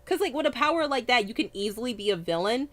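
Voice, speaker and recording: A woman's voice: fairly high pitch, animated, quick pace. A woman co-hosting a casual anime review chat, talking freely, swearing often and tripping over names.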